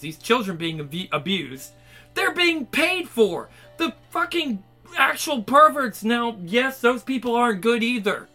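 A man's voice: high-pitched, pushed and bright. A man ranting in an angry, profane, rambling monologue.

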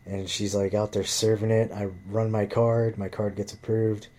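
A man's voice: on the low side, level tone, normal speed, mellow. A man telling a rambling, profanity-laden story in casual chat, heavy with fillers.

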